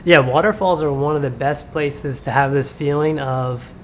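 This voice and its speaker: A man co-hosting a casual chat, relaxed and agreeable, often answering with a quick "right". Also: fairly high pitch, slight background noise. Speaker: co-host.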